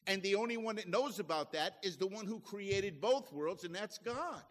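Pastor, male, higher pitch, homely chatty preaching, recorded in a church with a long echo. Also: lively intonation, normal speed. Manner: folksy, conversational preaching with homely asides. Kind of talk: sermon.

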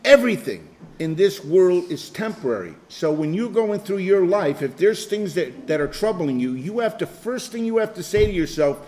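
An older man gives an informal, rambling sermon to a group. He circles back over his own phrases and chuckles as he goes, in a fairly high voice with faint background noise. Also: sing-song, normal speed, hardly any pauses, a little mellow. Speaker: Bible study leader.

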